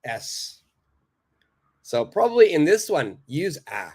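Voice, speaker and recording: A man's voice: medium pitch, sing-song, slow pace. A man teaching a live online English lesson, patiently reading out viewers' answers, praising them and explaining simple phrases.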